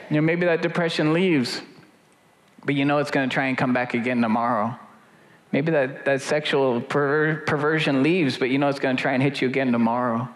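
A middle-aged man preaching a sermon as pastor, rising to loud, high-pitched exhortation and dropping low and slow for storytelling. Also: some chatter behind. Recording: echoey room with faint noise.

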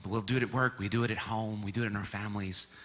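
Bright-voiced pastor preaching in a reverberant church. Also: male voice, lowish voice, fast. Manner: lively, playful teaching, leads congregation in repeating words. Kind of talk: sermon. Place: church sanctuary. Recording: long hall reverb of a church.

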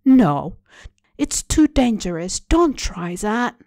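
A woman reads as a cautious schoolgirl friend in a storybook, earnest and protective. She speaks slowly, recorded dry and close. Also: mid-range voice, very animated, dark tone, no room sound. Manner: earnest, warning. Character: cautious, caring teenage girl friend.

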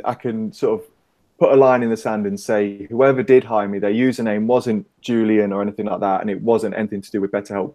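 Give me a middle-aged man chatting as an interview guest, jokey and relaxed. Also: on the low side. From Britain. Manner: jokey and chatty, with easy laughs. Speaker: interview guest, business owner. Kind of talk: casual call-in interview.

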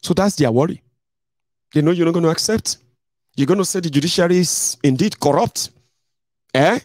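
A man's voice: on the high side, moderate pace, darkish tone, no echo, studio quality. A young adult man with a Nigerian accent, giving a blunt, mocking political commentary to his viewers. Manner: blunt, mocking, mimics others in a raised voice. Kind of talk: casual monologue to viewers.

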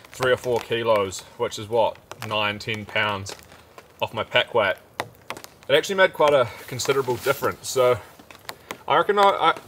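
A young man vlogging while camping, chatty and upbeat, talking while he eats. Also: mid-range voice. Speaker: outdoor vlogger. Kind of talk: casual camping vlog. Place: outdoors at a campsite under a shelter in rain. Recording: heavy rain noise outdoors. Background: steady rain and fire crackle.

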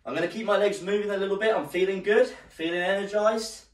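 A man's voice: high-pitched, fast talker. A male fitness instructor leading a live workout class, slightly out of breath as he exercises and counts down the rounds. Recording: roomy echo, distant mic.

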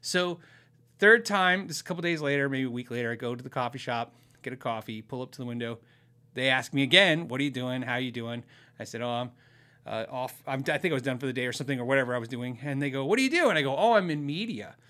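Chatty, bright-voiced podcast host. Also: male voice, mid-range voice, quick pace. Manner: chatty, self-deprecating, acts out quoted voices. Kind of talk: casual storytelling.

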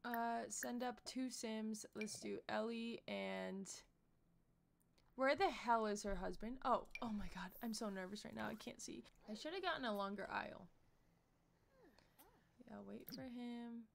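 Excitable young woman, gravelly edge. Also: on the high side. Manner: excitable and gushing, quick gasps and squeals. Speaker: let's play host. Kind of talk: casual gameplay commentary.

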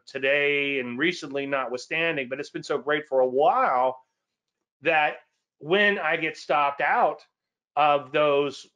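A man hosting a casual market commentary show, talking in an animated, emotional way and often restarting words. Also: a little high. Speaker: host. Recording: dull lo-fi audio.

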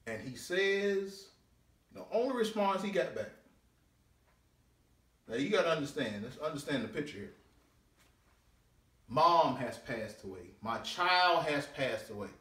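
A man, a deacon, preaching a sermon with drawn-out scripture readings and swooping pitch. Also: very animated, fairly bright tone. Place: church sanctuary. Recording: echoey church room, mic at a distance.

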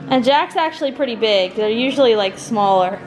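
A young woman chatting on a casual family vlog, animated and gushing, often laughing. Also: fairly high pitch. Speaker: family vlogger.

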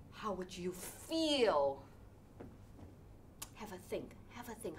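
A woman leading an interactive children's storytelling session, animated and sing-song, with playful sound effects. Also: sits high, slight background noise. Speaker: storytelling workshop leader.

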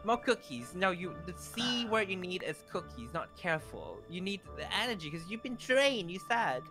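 A man's voice: sits high, sing-song, normal speed, music in the background. A man roleplaying in a Minecraft series who talks in a flustered, stammering way and keeps repeating words. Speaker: roleplay player.

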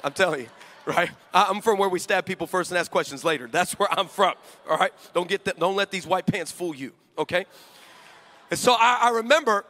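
A male preacher tells a comic story in a high, bright, forceful voice. He jokes with the congregation and acts out both sides of each exchange. His voice carries a long reverb from the hall. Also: brisk. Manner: animated, joking, acts out dialogue.

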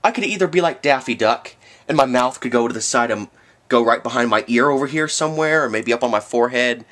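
A vlogger with the hiccups delivers a rambling, sarcastic rant to camera, breaking into sudden outbursts. His voice is medium-pitched, fast and fairly bright.

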